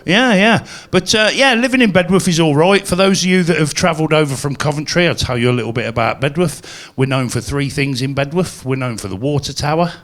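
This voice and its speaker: A man's voice: on the high side, animated, fairly quick, few pauses, fairly bright tone. A man performing a chatty, self-mocking stand-up set at a live venue. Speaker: stand-up comedian.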